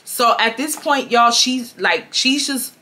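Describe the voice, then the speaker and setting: A woman in her twenties from Houston tells her viewers a story in a casual vlog. She talks with emphasis, repeats her points and swears freely. Her voice sits a little high and has a sharp, bright edge. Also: animated, slow. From Houston, Texas. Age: 20s. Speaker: storytime vlogger.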